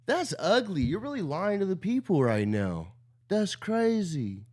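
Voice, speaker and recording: A man streaming a reaction to a clip, animated and incredulous, swearing freely. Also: medium pitch. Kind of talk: casual reaction commentary.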